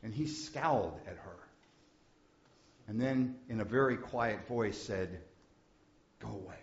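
A man preaching, telling a story slowly and softly, often dropping to a hush. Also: mid-range voice. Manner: slow, soft-spoken storytelling with hushed passages. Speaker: pastor. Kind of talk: sermon storytelling. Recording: dull, echoey room recording.

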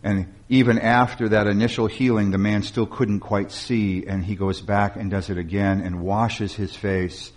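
A man preaching, building up with emphasis and then dropping into slow, quiet passages, with some restarts. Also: lowish voice, level tone. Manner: restarts and repeated words. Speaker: pastor. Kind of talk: sermon.

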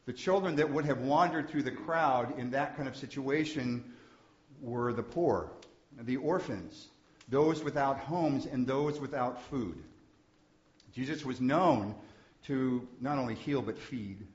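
A man preaching, telling a story slowly and softly, often dropping to a hush. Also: medium pitch. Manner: slow, soft-spoken storytelling with hushed passages. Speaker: pastor. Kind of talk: sermon storytelling. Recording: dull, echoey room recording.

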